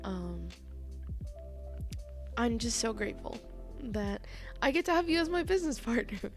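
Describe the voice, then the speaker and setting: Faint music plays behind a young woman whose voice sits on the high side, very animated but unhurried. Teary and laughing as she speaks to her co-host and best friend, she drops casual swear words in a sincere tribute.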